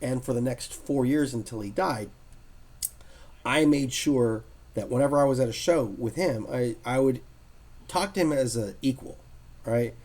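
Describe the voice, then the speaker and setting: Husky-voiced guy telling con stories on a podcast, animated, does little voices for people. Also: medium pitch, normal speed. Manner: lively storyteller, acts out quotes. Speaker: guest artist telling convention stories. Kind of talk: casual podcast chat.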